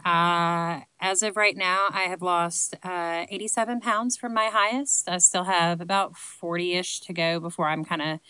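Answering questions from her viewers, this late-thirties vlogger with a Southern accent talks casually to camera, wandering off topic, poking fun at herself and saying um a lot. She has a lowish, smooth voice with a sharp tone. The audio has no room sound and is low quality.

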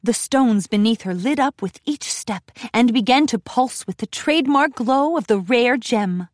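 Lively woman reading a storybook aloud. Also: fairly high pitch, measured pace, dry recording, clean studio sound. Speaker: storybook narrator. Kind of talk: scripted storybook narration.

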